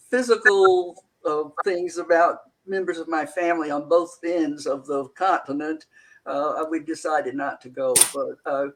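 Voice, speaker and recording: A man speaking in a measured way with many pauses as a guest in a casual panel chat. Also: fairly high pitch, fairly bright tone, slight background noise, low-quality recording. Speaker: panel guest, community leader.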